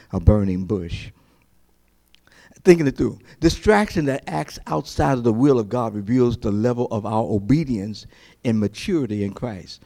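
Male pastor, mellow sound, mid pitch, loose conversational sermon delivery. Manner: conversational preaching with many restarts and acted-out asides.

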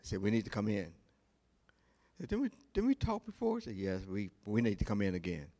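A male pastor preaching a sermon, telling a story in a slow, deliberate way with pauses. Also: lowish voice, very animated, dark tone.

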